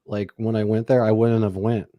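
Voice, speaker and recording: A man in his forties co-hosting a podcast, telling stories in a loose, profane, animated way. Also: lowish voice, moderate pace, no echo. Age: 40s. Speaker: podcast co-host. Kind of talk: casual podcast chat.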